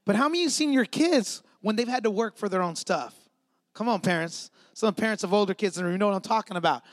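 A man in his thirties, a pastor giving a lively, conversational sermon in church and joking with the congregation. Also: high-pitched, fast, no room sound, clean studio sound.

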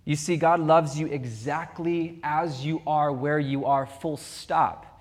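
A young man preaching a sermon as pastor, with animated, humorous storytelling. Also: a little high, slow pace. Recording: long reverb of a big hall.

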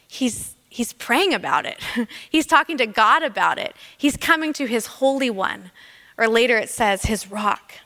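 A woman preaching a sermon in a church, earnest and emphatic, slowing down on key phrases. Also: fairly high pitch, fairly bright tone. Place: church sanctuary. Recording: long reverb of a church hall.

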